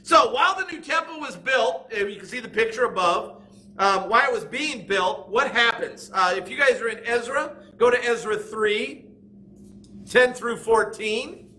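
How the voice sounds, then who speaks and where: A man teaching a classroom Bible lesson, animated and acting out quoted voices as he explains. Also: very high-pitched, normal speed, slight background noise. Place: church school classroom.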